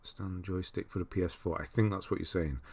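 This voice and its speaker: Lower-voiced british guy rambling on his stream, greeting chat one by one. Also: fairly even intonation, a little fast, vocal fry, darkish tone. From Britain. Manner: chatty, greets chat viewers by name, rambling. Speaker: livestream host. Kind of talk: casual livestream chat. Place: cold room at home.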